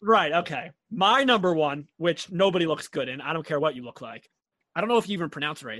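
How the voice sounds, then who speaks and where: A playful man trades jokes in a casual chat. His voice sits a little high and sounds dry and close to the mic. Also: animated, fast, pushed and bright, no echo. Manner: playful, joking.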